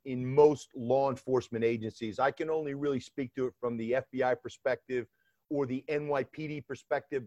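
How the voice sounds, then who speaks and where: A man's voice: mid-range voice, no room sound. Middle-aged guy with a new york accent, punchy storyteller, dull dry lo-fi sound. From Atlanta area, Georgia. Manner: animated storytelling, emphatic. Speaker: former FBI undercover agent, guest. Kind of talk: interview conversation.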